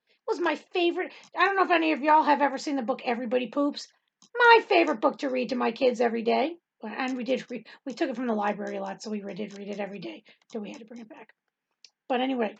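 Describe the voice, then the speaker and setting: A woman's voice: fairly high pitch, quick pace, vocal fry, husky, muffled recording. A middle-aged woman telling a rambling testimony in casual talk, with many ums and frequent laughter. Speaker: Bible study host and teacher.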